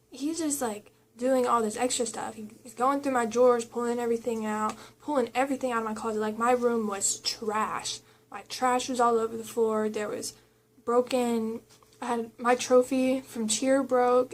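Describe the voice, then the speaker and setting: A woman's voice: on the high side, slight background noise. Young woman telling a rambling story. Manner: rambling, filler-heavy retelling with quoted dialogue. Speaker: vlogger. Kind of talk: casual storytime chat.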